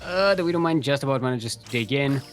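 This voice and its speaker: A man's voice: medium pitch, lively intonation, fast, music in the background. A man casting a live video game match, joking and often restarting his sentences. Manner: rambling, jokey, frequent restarts. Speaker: esports caster.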